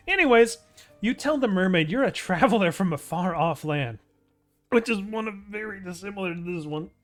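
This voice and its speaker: A man's voice: high voice, expressive, moderate pace, soft background music. Crude, rambling man over gameplay. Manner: crude, loud, laughing, swearing a lot. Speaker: gameplay streamer. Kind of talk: crude, rambling game commentary.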